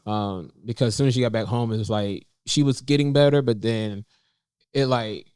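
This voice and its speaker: A young man speaks in a low, smooth, resonant voice, recorded close and dry with no room sound. He talks casually and haltingly, full of fillers and restarts. He lifts his pitch when he quotes himself. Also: steady tone, darkish tone, no room sound. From North Carolina, USA. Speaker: podcast co-host sharing a personal story. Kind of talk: casual heartfelt conversation. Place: indoors in a cafe.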